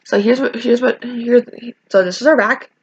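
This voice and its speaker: Rambling teen girl with a gravelly voice. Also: fairly high pitch, fairly even intonation, normal speed, dry recording. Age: teens. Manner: rambling, restarting, emotional. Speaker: vlogger. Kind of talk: casual storytime rant. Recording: dull lo-fi sound.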